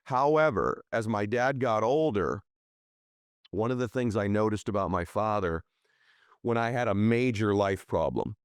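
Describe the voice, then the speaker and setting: A middle-aged man hosting a podcast, his low voice driving forward with emphatic, motivational energy. He reads sponsor spots and asks his guest questions. The sound is dry and close, with no room around it. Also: measured pace, clean tone, dry recording. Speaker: podcast host.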